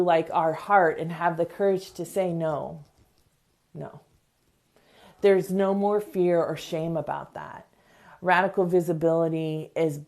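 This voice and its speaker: A woman's voice: low-pitched, creaky, dark tone. A middle-aged woman hosting a self-help podcast, speaking earnestly in a motivational talk and acting out short examples. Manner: earnest, acts out quick examples in voices. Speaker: podcast host.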